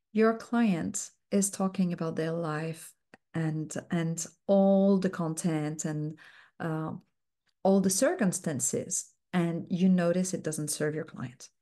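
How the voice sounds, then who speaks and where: Woman, coaching mentor, soft and unhurried, mellow tone, many fillers. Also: on the low side. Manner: slow, soft-spoken, uses many fillers. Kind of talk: teaching coaching technique.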